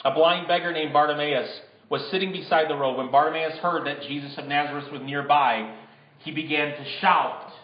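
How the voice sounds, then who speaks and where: A man's voice: fairly high pitch, fairly quick, echoey room, lo-fi sound. A man preaching a sermon as pastor in a church sanctuary, talking conversationally and then building to emphatic bursts.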